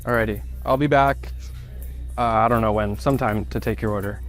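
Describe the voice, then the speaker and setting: A man's voice: lowish voice, steady tone, a little fast, soft background music, natural voice. A man playing a condescending, sarcastic restaurant host in a comedy skit. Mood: snide. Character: smug rude male restaurant host. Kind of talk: skit acting.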